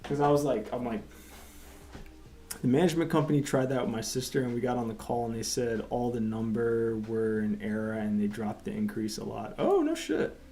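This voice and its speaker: A man of middle pitch talks in a loose, rambling way, casual and profane, laughing at his own stories. His tone is mellow and unhurried. The room is echoey, with faint music playing behind him. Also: little pitch movement. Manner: laid-back, rambling, profane, laughs often. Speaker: comic artist livestreaming while drawing. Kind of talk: casual chat.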